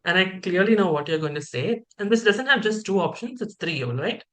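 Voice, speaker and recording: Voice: medium pitch, brisk. A host welcoming participants to an online training session and leading a group game over a video call. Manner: upbeat, energetic, leads a group game.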